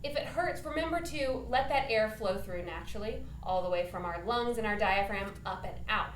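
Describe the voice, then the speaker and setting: A woman's voice: mid-range voice, lively intonation, moderate pace, echoey room, a little hiss or hum. A woman teaching a children's singing lesson, upbeat and encouraging, demonstrating points with her own voice.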